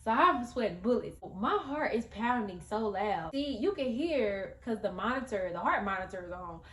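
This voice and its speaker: A woman's voice: medium pitch, lively intonation, moderate pace, fairly bright tone. Woman rambling through a storytime vlog, talks right to the camera, roomy echoey sound. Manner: chatty and rambling, speaks straight to viewers, many fillers. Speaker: vlogger.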